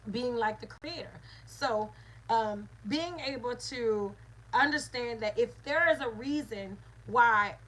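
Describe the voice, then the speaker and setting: A woman's voice: a little high, slow pace, a bit bright, low-quality recording. A woman, a mother and spiritual teacher, giving an earnest lesson with repeated phrases and call-and-response. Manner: earnest, repetitive teaching cadence.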